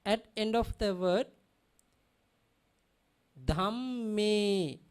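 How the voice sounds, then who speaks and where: Female teacher, slow deliberate delivery, repeats each word in drills, keeps asking if students follow. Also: mid-range voice, lively intonation, a little mellow. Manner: drills pronunciation by repeating words, often checks understanding. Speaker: Pali teacher. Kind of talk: classroom language lesson.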